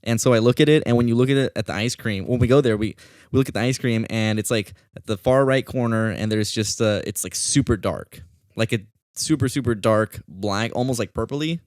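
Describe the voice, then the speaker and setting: A man hosting a podcast, telling a story in a casual, animated way and swearing often. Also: medium pitch, fairly quick, no echo, clean studio sound. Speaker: podcast host.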